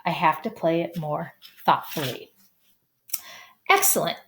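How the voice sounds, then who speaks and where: A woman's voice: mid-range voice, normal speed, slight background noise. Woman, amateur audiobook reader, casual narration, stumbles on names. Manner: stumbles on hard names, apologizes and adds asides. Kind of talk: amateur first-person story reading.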